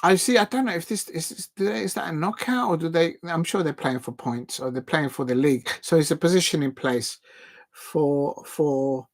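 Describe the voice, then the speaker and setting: Man, streamer type, excitable live football commentary with a slightly gravelly edge and casual slang. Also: on the high side, moderate pace. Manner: rambling and excitable, with frequent restarts and self-corrections; casual slang, chatty asides to viewers. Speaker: football watch-along streamer.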